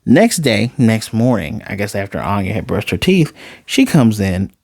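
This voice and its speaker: A man recapping an anime episode in casual talk, animated and quick to slip into quoted voices. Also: lowish voice, creaky, dry recording, clean studio sound. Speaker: anime reviewer.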